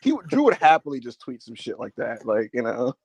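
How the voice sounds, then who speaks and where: Dude cohosting a pod, super lively up and down voice, laughs a lot, swears, dry close sound. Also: male voice, mid-range voice, brisk, creaky, husky, no echo. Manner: animated, laughing, swears freely. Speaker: podcast co-host. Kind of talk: casual chat.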